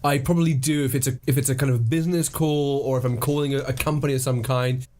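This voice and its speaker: A man's voice: medium pitch, fairly even intonation, a little mellow. A young man co-hosting a podcast, chatting playfully and laughing easily. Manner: playful, jokey, quick to laugh. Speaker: podcast co-host. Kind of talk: casual chat.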